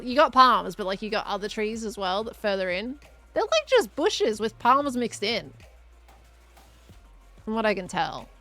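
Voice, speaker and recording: A woman streamer talks to her chat as she plays, musing aloud and asking viewers questions in a loose, friendly way. Her voice sits a little high with a gravelly edge, and soft game music runs underneath. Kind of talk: casual live-stream chatter while gaming.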